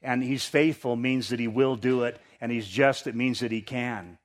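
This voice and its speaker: A man preaching a sermon, reading scripture with rising intensity and dropping to quiet asides, often repeating words as he restarts. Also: fairly even intonation, moderate pace. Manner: preaching, rises in pitch and force when reading scripture, drops low for asides. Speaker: pastor.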